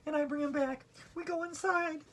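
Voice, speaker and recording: A woman voicing a playful, excited pet dog in a loud, high, bouncy voice during a yoga lesson. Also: normal speed, natural voice.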